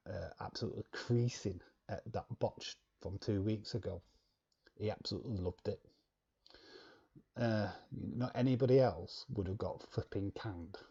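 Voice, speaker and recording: A man's voice: lowish voice, creaky, dark tone, slightly rough, dull audio. A man hosting a live stream, chatting bluntly and casually while reading viewer comments. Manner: chatty, blunt, laughs often.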